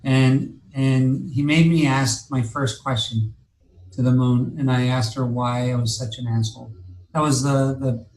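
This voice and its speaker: A man's voice: medium pitch, steady tone, measured pace, a little mellow, reverberant, slight background noise, poor audio. A man telling a long personal story in casual talk, rambling and profane, with many restarts and fillers. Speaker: guest telling his story.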